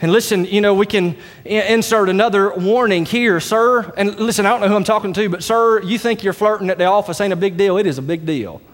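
High-voiced preacher in a hall. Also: male voice, brisk, hardly any pauses. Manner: emphatic preaching, folksy asides. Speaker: pastor. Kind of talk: sermon. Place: church sanctuary.

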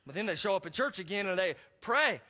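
Male pastor, high and sharp-toned, emphatic sermon delivery, dull lo-fi recording. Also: lively intonation, quick pace. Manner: emphatic, addresses the congregation with rhetorical questions. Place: church service.

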